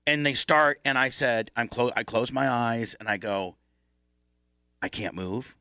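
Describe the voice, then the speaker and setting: A man with a bright, forceful voice tells a long, animated story on a radio talk show. He stumbles and restarts often and mimics the other voices in his tale. The studio sound is close and dry. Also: moderate pace, clean tone, no room sound. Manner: acts out other people's lines in a higher voice.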